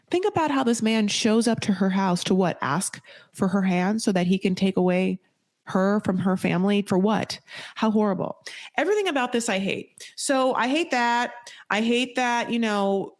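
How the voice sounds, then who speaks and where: A woman hosting a casual recap podcast, talking bluntly and with lots of swearing. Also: mid-range voice. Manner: blunt, profane, animated. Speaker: podcast host. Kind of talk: casual reality-TV recap commentary.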